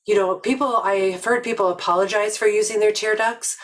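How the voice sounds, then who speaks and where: An older woman from Nova Scotia giving a reflective webinar talk, telling stories slowly and earnestly with many pauses. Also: medium pitch, steady tone, poor audio. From Nova Scotia, Canada. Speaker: webinar presenter.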